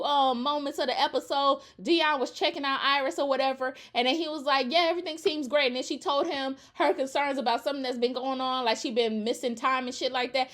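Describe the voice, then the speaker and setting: Sassy, exasperated young woman with lively pitch. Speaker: TV show reaction YouTuber. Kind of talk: casual rant.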